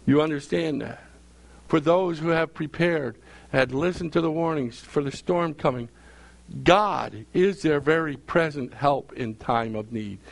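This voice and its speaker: Gravelly-voiced man preaching to a congregation. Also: fairly high pitch, unhurried, no room sound. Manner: preaching with call-and-response questions to the congregation; repeats phrases for emphasis. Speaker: pastor. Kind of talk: sermon.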